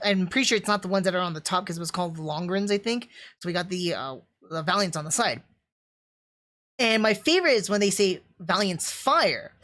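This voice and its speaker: Young woman streamer, casual excited review chatter, mid-pitched, lots of fillers.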